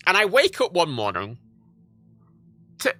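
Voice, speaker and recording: His pitch swoops wildly and sits high, with a bright, forceful tone, but his pace is measured as this man livestreams from home. The dry recording catches his rambling, profane chat, constantly interrupted by himself.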